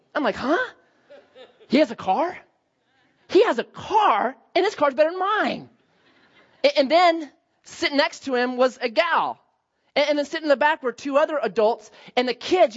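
A man in his forties preaching a sermon, telling a personal story and acting out his younger self in lively bursts. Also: muffled recording. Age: 40s. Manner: animated, acts out his younger self with high excited outbursts. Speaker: pastor.

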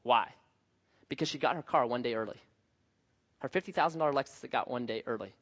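A male pastor preaching a sermon in an animated, joking, conversational manner. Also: mid-range voice, quick pace, highs cut off.

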